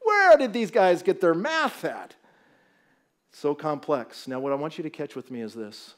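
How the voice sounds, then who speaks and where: A man with a notably high voice preaches to a church congregation, telling stories and joking with his listeners. He sounds middle-aged and speaks with lively, animated energy, and he is from Southern California. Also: normal speed. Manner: animated, storytelling, jokes with the audience. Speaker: guest pastor. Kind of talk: sermon with humor. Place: church sanctuary.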